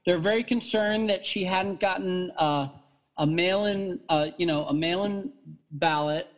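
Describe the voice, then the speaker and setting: A man's voice: high-pitched, a little slow, low-quality recording. A man chatting casually, telling a long story with many fillers and restarts and frequent laughter. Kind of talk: casual chat.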